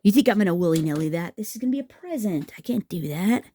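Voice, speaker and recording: A woman's voice: mid-range voice, expressive, fast talker, mellow, slight background noise. A woman hosting a craft tutorial, chatting and rambling to her viewers as she works, teasing herself along the way. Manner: rambling, talks to viewers as "guys", self-teasing. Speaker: craft video host.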